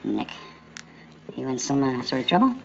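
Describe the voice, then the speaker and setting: A man's voice: medium pitch, big pitch swings, normal speed, creaky. An actor playing a sly, mocking card-playing boss who toys with a man who owes him money, in a film. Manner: sly, mocking, rambling, wordplay. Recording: dull film soundtrack with faint music.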